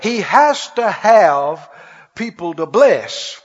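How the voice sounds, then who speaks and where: A man preaching a sermon, exuberant and laughing, acting out awe with cries and shouts. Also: high-pitched, sing-song, slow, slightly rough, big-room sound, lo-fi sound.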